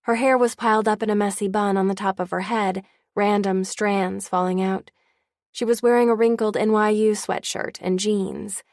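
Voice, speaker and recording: Gravelly woman narrating an audiobook. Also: medium pitch, no room sound, studio quality. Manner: wry, candid storytelling. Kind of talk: first-person audiobook narration.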